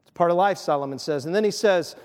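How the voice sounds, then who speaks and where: Animated male preacher in a reverberant hall. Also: high voice, quick pace. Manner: animated, conversational preaching with playful acted asides. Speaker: pastor. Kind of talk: sermon.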